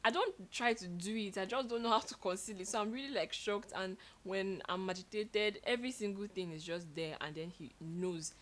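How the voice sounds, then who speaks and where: A young woman telling stories in a casual chat with her partner, expressive and animated, laughing as she goes. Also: medium pitch, normal speed, few pauses. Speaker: co-host.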